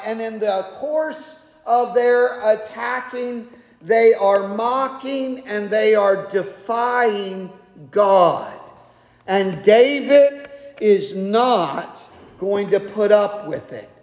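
Male preacher, very high voice, unhurried delivery, reverberant sanctuary. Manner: conversational, repeats words when restarting. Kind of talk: expository sermon. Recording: echoey hall, long reverb.

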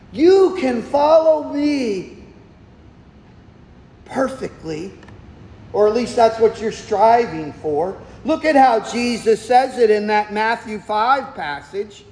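A man's voice: high-pitched, expressive, takes it slowly, darkish tone. A man preaching a sermon as pastor, stressing points emphatically and answering his own questions. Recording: echoey hall, long reverb.

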